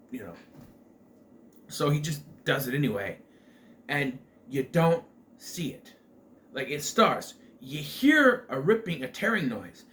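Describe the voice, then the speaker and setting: A man's voice: mid-range voice, a bit bright, a little hiss or hum. A man giving a casual spoken film review, rambling, with many fillers and restarts.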